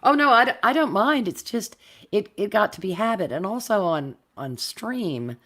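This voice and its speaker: A woman from the US South with a softened North Florida accent, chatting casually in a deliberate, well-enunciated way. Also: mid-range voice, lively intonation. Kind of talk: casual chat.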